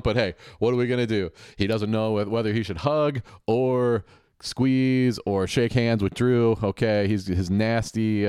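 A man with a fairly low voice narrates a game show episode as it plays, tossing in mocking jabs and quick asides. The sound is dry and close to the mic, like a home podcast setup. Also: a little mellow, clear, resonant tone, dry recording. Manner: sarcastic, mocking running commentary with quick asides and laughs. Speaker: podcast host. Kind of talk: casual play-by-play of a TV game show.

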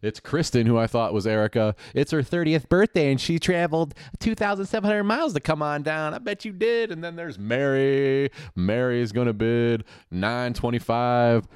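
A man hosting a podcast, giving sarcastic, mocking play-by-play of a TV game show with quick asides. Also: medium pitch, lively intonation, clear, resonant tone, no room sound, studio quality. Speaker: podcast host.

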